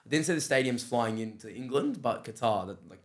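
A young-sounding Australian man with an ordinary mid-range pitch races through his stories as a guest on a casual podcast. He's animated and slangy, says "bro" a lot, and acts out the voices of the people he quotes in this laid-back storytelling chat.

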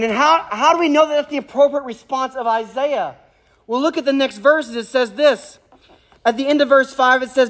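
Very high-pitched man in his thirties, pastor delivering an emphatic sermon with repeated phrases. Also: normal speed, a bit bright. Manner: emphatic, rhetorical questions, repeats key phrases.

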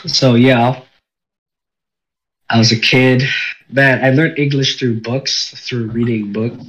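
A man's voice: medium pitch, steady tone, slow pace, a bit bright, poor audio. A young man with a nasal voice from a cold, chatting casually as a podcast host, rambling with lots of fillers. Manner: rambling, laughs often, many fillers. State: sick, stuffy nose.

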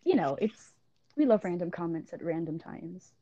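A young woman in casual chat, playful and quick with jokey quips, laughing a lot. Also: on the low side, very animated, warm tone, no echo, highs cut off.

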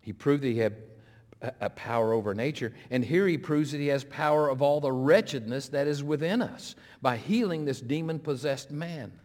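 A middle-aged man, an interim pastor, preaching a sermon, swinging between loud, pressing appeals and hushed, slow retellings. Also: a little high. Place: church sanctuary. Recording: long hall reverb.

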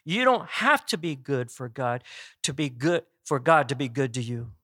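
A man's voice: medium pitch, lively intonation, normal speed, sharp tone, dry recording, clean studio sound. A man preaching a sermon in an earnest, emphatic way, with some restarts.

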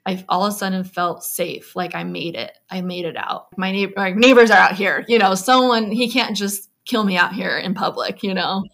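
A woman with a creaky, gravelly edge recounts her experience in a candid interview. She talks loosely, with frequent fillers and restarts. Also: medium pitch, fairly bright tone. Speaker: guest recounting a personal story.

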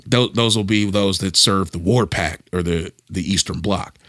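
A man co-hosting a podcast, talking in an animated, casual way and thinking aloud with frequent restarts. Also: low-pitched, normal speed, no room sound, clean studio sound. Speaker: podcast co-host. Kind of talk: casual discussion.

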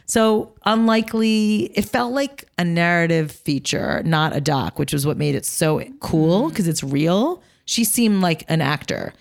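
Animated woman in casual film chat. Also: lowish voice, creaky. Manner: animated, laughs often, quick asides. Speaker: podcast co-host.

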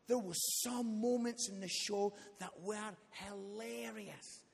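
A man's voice: high-pitched, slow, gravelly, husky. A man preaching as a guest speaker, telling funny stories and asking the congregation questions in a live church service. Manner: lively, comic, asks the audience questions. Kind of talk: comic storytelling sermon. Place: church hall, live audience. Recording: long church hall reverb.

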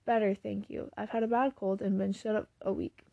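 A woman's voice: on the high side, normal speed, vocal fry, narrow, tinny audio. A woman voicing a shy teenage boy who is sick with a cold, giving short, glum answers.

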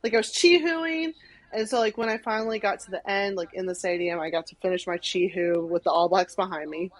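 Young woman, casual podcast guest, animated, lots of "like", mid-pitched voice. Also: brisk, rough recording. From Arkansas, USA. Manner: animated, many "like"s, acts out quotes. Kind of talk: casual storytelling chat.

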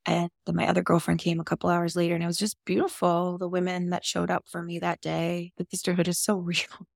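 Low gravelly woman telling her story. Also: completely flat delivery, fairly quick, dry recording, studio quality. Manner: open, emotional, casual with swearing. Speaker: podcast guest. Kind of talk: candid personal storytelling.

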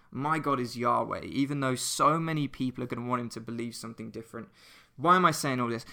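A man hosting a church podcast, giving an earnest, conversational devotional talk that leads into prayer. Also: mid-range voice. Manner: earnest, conversational, animated retelling.

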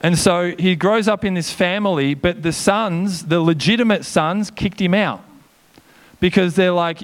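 A man delivers a sermon with a fairly high voice. He preaches with energy and a casual, chatty manner, dropping quick asides to the congregation. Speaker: pastor.

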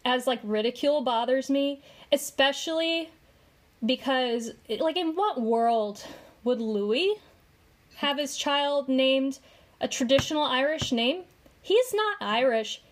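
Slow, chatty high-voiced woman. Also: animated. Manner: chatty, filler-heavy, drawn-out delivery. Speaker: podcast co-host. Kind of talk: casual commentary podcast.

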